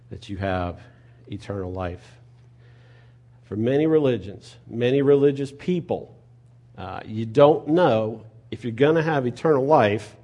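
Man, pastor, sermon, husky, mellow dark tone, rhetorical questions. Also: mid-range voice. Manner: conversational preaching, rhetorical questions, swings between soft and loud.

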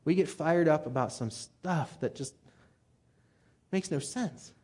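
A man's voice: fairly high pitch, takes it slowly, slightly rough. A man preaching a conversational sermon, getting fired up and talking plainly to his listeners. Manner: conversational and animated, gets fired up. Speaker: pastor.

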